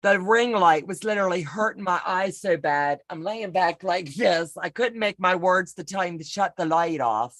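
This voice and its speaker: On the low side and fairly bright, this woman's voice moves at a moderate pace with few pauses, in a dry recording. She's a sewing pattern walk-through co-host telling a rambling personal story in casual chat over video call from home, folksy, chatty, and self-deprecating.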